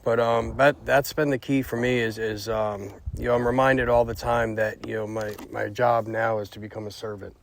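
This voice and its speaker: A man's voice: mid-range voice, flat delivery, normal speed, vocal fry, few pauses, a little hiss or hum. A man sharing at a recovery meeting in a casual, heartfelt way, hesitant with many fillers and restarts.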